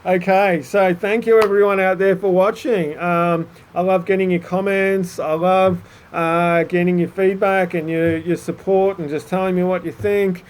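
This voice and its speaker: A man's voice: high-pitched, little pitch movement, normal speed, slight background noise, low-quality recording. A man giving a casual, encouraging spoken psychic reading to viewers, with many fillers and little acted bits of self-talk. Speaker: psychic reader.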